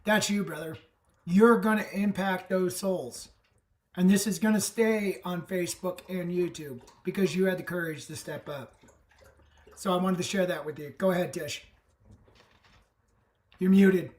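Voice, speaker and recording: A man's voice: sits high, unhurried, pauses often. A man hosting a live online summit, talking with emphatic, enthusiastic encouragement over a video call. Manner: enthusiastic, emphatic pep talk. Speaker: summit host. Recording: echoey room, distant from the mic.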